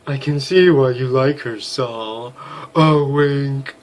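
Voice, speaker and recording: A man plays an easygoing military pilot who teases his wingman. He speaks slowly, in a mid-range voice. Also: medium pitch, natural voice. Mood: teasing.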